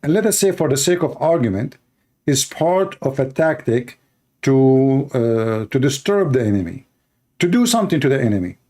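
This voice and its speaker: A man's voice: mid-range voice, very animated, moderate pace, warm tone. A man with Arabic as his first language, giving scornful, heated commentary on a video clip in broken English.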